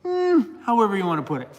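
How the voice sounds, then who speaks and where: A man's voice: high-pitched, big-room sound. A middle-aged man chatting casually on a livestream to his members, laughing often and talking to his dog.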